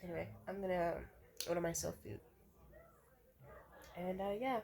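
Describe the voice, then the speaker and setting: A woman's voice: lowish voice, fairly even intonation, moderate pace, vocal fry, darkish tone. A young woman ranting bluntly and profanely to camera in a casual vlog, restating points as she goes. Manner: repeats herself to restate points. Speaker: vlogger.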